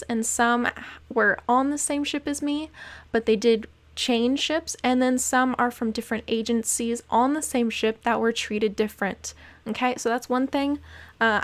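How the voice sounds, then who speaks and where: A woman's voice: on the high side, fairly bright tone. A young woman in a casual vlog, speaking with indignant passion and repeating phrases for emphasis. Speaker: vlogger, former cruise ship worker. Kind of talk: casual to-camera talk.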